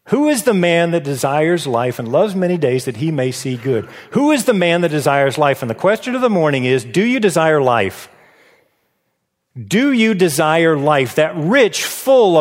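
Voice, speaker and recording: A man with a slightly higher voice preaches in a storytelling way, asking questions and urging his listeners to answer. His voice rings through a big hall with a long echo. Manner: storytelling preacher, rhetorical questions, prompting the congregation. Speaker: pastor. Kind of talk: sermon.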